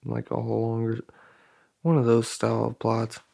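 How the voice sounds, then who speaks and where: A man's voice: medium pitch, completely flat delivery, moderate pace, vocal fry, mellow. A young man co-hosting a casual podcast chat, loose and profane, with many fillers. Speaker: podcast co-host.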